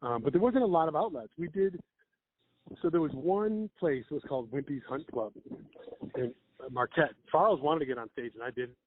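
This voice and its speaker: A man's voice: fairly high pitch, fairly quick, slight background noise. Man telling stories over a phone-like line. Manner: rambling anecdotes with laughs and acted-out quotes. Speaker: guest, comedian. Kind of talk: casual storytelling chat. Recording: phone-like narrow band.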